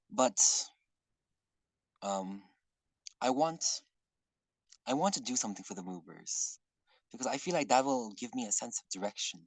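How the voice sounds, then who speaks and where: A man leading an online workshop in casual talk, earnest and rambling, often clearing his throat. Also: mid-range voice, animated, measured pace, long pauses, dry recording, rough recording. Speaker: workshop facilitator. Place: online video call.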